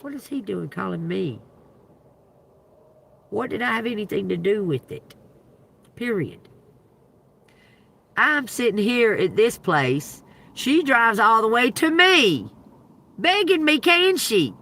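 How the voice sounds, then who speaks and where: A woman's voice: on the high side, very animated, slow pace, vocal fry, pauses often, fairly bright tone. A woman hosting a livestream, telling a story in an emphatic, profane, laughing way. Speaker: livestream host and tarot reader.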